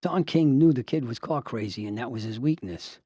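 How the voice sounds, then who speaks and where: An older man, a retired judge, tells wry, animated anecdotes and acts out the people he quotes. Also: medium pitch, normal speed, slightly rough, no echo, studio quality. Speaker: retired judge and lawyer telling stories. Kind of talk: anecdotal storytelling.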